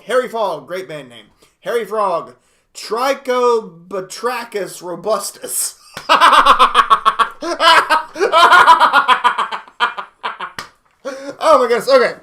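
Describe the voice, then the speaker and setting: An excitable young man hosts a casual livestream, reading and reacting out loud. His voice sits high and sounds bright and forward. He laughs often and bursts into exclamations. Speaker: livestream host.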